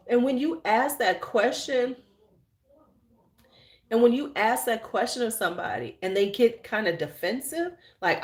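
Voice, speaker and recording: A woman's voice: on the high side, normal speed. Woman ranting casually on a livestream, blunt and cussing, roomy echo. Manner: blunt, profane, animated storyteller; reads and answers viewer chat. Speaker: channel host.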